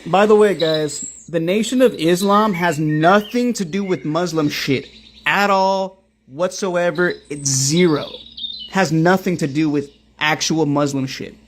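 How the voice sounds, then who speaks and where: A man's voice: on the high side, unhurried, a little hiss or hum. A man hosting a commentary stream, reacting to clips with an emphatic, profane delivery and a rhetorical "right?" after nearly every point.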